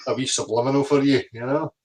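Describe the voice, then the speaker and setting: A man's voice: mid-range voice, steady tone, a little mellow. A Scottish man hosting a casual livestream chat, greeting viewers by name over a video call. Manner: chatty, reads out viewer names quickly. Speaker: livestream host.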